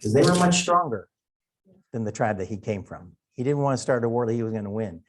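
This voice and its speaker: Speaking a little fast in an expressive mid-range voice, a middle-aged man from Wisconsin leads a Sunday Bible class. He keeps it folksy and conversational, working through ideas out loud.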